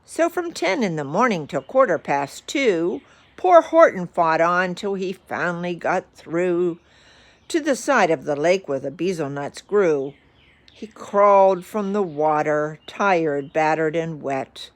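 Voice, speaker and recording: A woman reading a rhyming picture book aloud with lively expression. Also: fairly low pitch, slow. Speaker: storyteller.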